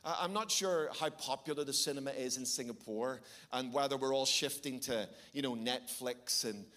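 A middle-aged Irish man preaching a sermon, telling stories with animated, sometimes shouted bursts. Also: medium pitch, moderate pace. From Ireland. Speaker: pastor.

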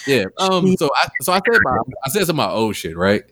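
A man's voice: medium pitch, very animated, brisk, fairly bright tone, slight background noise. A man hosting a podcast, chatting casually and rambling with lots of fillers as he retells a story. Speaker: podcast host. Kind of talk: casual chat.

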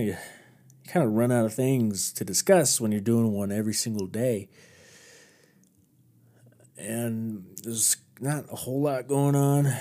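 Man, low voice, solo podcast host, casual rambling chat, self-deprecating. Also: warm tone.

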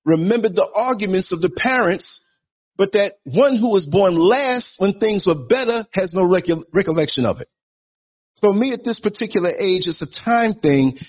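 A man in his sixties hosting a podcast, delivering a blunt, provocative, preachy rant. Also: fairly high pitch. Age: 60s. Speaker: podcast host. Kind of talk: ranting monologue. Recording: tinny phone-like line.

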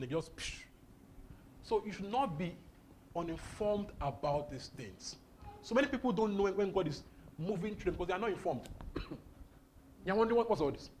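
Exuberant male preacher, high and animated delivery, laughs through his lines, faint room noise. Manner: exuberant, laughing often, repeating phrases. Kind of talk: charismatic sermon.

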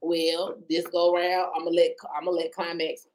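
A woman co-hosting a casual podcast chat, blunt and profane, laughing often and swinging between low mutters and loud outbursts. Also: completely flat delivery, normal speed. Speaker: podcast co-host.

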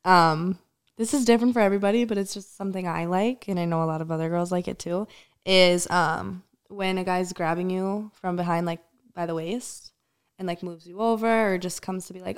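A young woman with a mid-range, smooth voice. She speaks candidly and excitably, stacking fillers like "um" and "like" as she goes. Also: fairly low pitch, a little fast. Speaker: guest. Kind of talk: casual chat.

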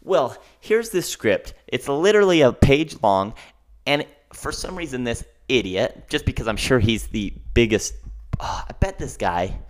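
Male podcast host, solo rant, emphatic and heated, mid-pitched voice. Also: very animated, measured pace. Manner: emphatic, ranting, keeps asking "okay?".

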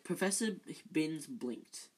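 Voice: mid-range voice, expressive, slow pace, rough recording. A reader narrating a children's novel, stumbling over words and correcting themselves. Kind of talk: amateur audiobook reading.

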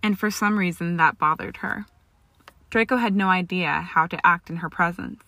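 A woman's voice: fairly low pitch, normal speed, pushed and bright, no room sound. A woman steadily reading fan fiction aloud as storybook narration, with an occasional stumble. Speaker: reader.

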